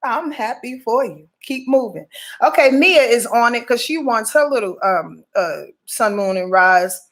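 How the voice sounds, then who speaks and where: A woman hosts a live astrology stream in a fairly high voice. She sounds like she is preaching, slangy and emphatic, cursing as she goes. She often repeats and restarts her words and fills pauses with "um" and "uh". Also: expressive. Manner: preachy, emphatic, swears freely, slangy with "y'all". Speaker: astrology show host. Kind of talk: live-stream astrology talk, reading viewer messages.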